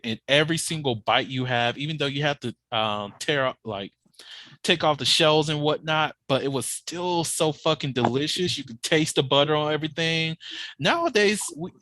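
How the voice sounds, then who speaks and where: A man hosting a podcast in casual chat, telling animated, profane stories and laughing often. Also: mid-range voice. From Georgia, USA. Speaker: podcast host.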